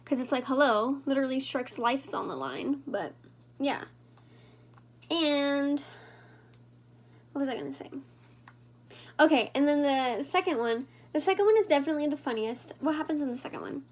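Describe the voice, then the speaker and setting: A woman's voice: sits high, animated, normal speed, long pauses. A woman vlogger chatting casually and rambling to her viewers while she does her makeup. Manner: rambling, talks to viewers directly.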